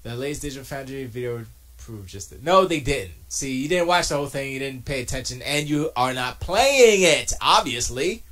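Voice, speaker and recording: A man streaming from his home studio, chatting casually and answering his chat, joking and arguing in an animated way. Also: medium pitch, normal speed.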